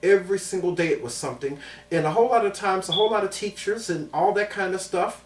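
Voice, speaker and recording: A man in his thirties from Chicago tells a story with lots of emphasis and repeated phrases. His pitch swings widely as he talks. The voice sounds roomy and distant, with the mic set well away from him. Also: animated, fast talker. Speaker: vlogger. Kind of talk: personal storytelling.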